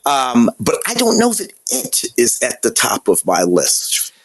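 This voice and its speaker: A man with a lively, up-and-down voice talks films on a podcast. He often stammers and repeats words while he thinks. He laughs easily. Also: mid-range voice, unhurried, creaky, husky, dry recording. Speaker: podcast co-host. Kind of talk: casual film chat.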